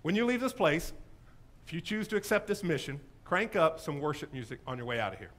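A man delivers a sermon as pastor, his voice sitting fairly high and leaping all over the place. He is enthusiastic and full of jokes, swinging between big exclamations and softer asides. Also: fairly quick. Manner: animated, humorous, enthusiastic.

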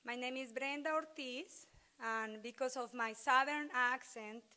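A woman speaks slowly, welcoming the audience at a farming short course. Her talk is hesitant and full of fillers and restarts, as if addressing a room from a podium microphone. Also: sits high, bright, forceful tone. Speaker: university extension professor welcoming attendees.

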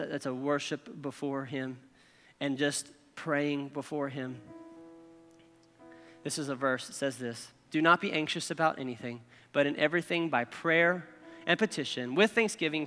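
A man's voice: fairly high pitch, bright, forceful tone, in a large hall. A male pastor preaching a sermon in a conversational way, checking in with "okay?" and "right?" as he goes.

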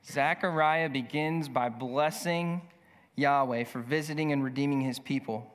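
A male pastor preaching a sermon, reading scripture slowly and speaking in an earnest, emphatic way. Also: mid-range voice, fairly even intonation. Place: church sanctuary. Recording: long church hall reverb.

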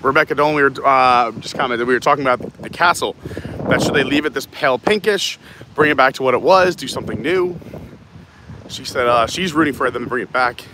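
Walking through a theme park, a man hosts a live stream, chatting casually, reading out viewer comments and laughing a lot. His voice is mid-range and fairly quick, with background noise around him.

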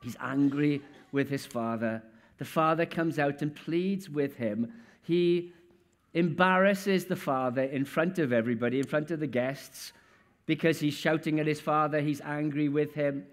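A man's voice: on the high side, a little slow. A man preaching a sermon in a church in a conversational way, often putting questions straight to his listeners.

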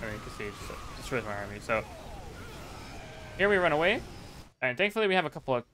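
A man giving relaxed, chatty commentary over a game replay as a coach, with many fillers. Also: medium pitch, quick pace, slight background noise. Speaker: StarCraft player and coach.

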